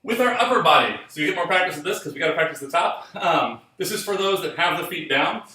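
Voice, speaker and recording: A man's voice: on the high side, expressive, fast, sharp tone, far from the mic. A man teaching a solo jazz dance class, counting beats and calling steps aloud while he demonstrates. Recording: echoey room, voice from off the mic.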